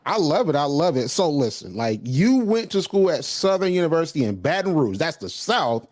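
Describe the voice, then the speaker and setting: A man hosting a casual interview podcast, energetic and slangy, often starting with "listen". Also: on the high side, moderate pace, dry recording, clean studio sound. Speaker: podcast host.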